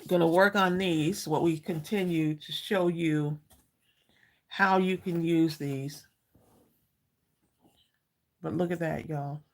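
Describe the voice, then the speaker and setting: A woman's voice: low-pitched, fairly even intonation, slow pace, long pauses. A woman hosting a live crafting stream, chatting casually with viewers, greeting them by name and saying "y'all" a lot. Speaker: craft livestream host.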